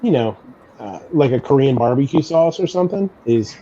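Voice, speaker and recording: Guy who cooks at a restaurant, warm mellow voice, rambly, kinda muffled lo-fi line. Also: medium pitch, lively intonation, normal speed. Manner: rambling, hedges with lots of fillers. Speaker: restaurant cook. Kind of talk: casual chat. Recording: muffled lo-fi line with faint noise.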